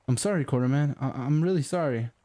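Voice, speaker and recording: A man's voice: medium pitch, fast, mellow, natural voice. A man voicing an earnest young female assistant. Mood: apologetic. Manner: apologetic, earnest. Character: young female assistant, apologetic but firm. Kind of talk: audiobook character voice.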